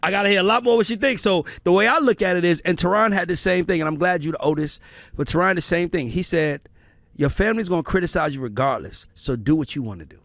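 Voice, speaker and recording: A man hosting a casual family conversation, telling stories in an animated, profane way. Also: high voice, fast, no room sound. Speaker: podcast host.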